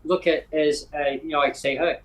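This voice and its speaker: A man from Canada hosting a casual podcast conversation, talking in an animated, rambling way with frequent restarts. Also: fairly high pitch, normal speed, poor audio. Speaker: podcast host.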